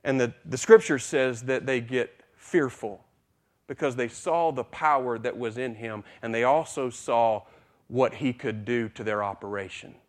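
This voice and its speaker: A man preaching a sermon, repeating phrases for emphasis and swinging between hushed, quiet passages and loud, excited buildups. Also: mid-range voice, unhurried.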